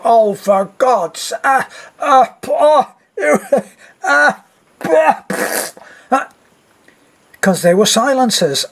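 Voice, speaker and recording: Husky older man telling a funny story. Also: high-pitched. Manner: retells a friend's story with quoted speech, wry humor. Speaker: expat vlogger. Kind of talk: casual anecdotal storytelling.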